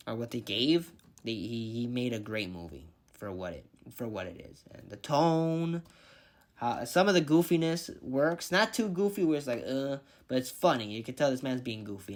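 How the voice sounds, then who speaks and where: Rambling, profane movie-review guy. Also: mid-range voice. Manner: rambling, swears freely, thinks aloud. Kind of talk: casual movie review vlog.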